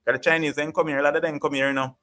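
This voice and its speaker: A Jamaican man with a Jamaican accent hosts a live chat stream, his voice on the high side, level in tone, sharp, and racing. He rants passionately through an opinionated monologue, often repeating himself with "you get what I'm saying."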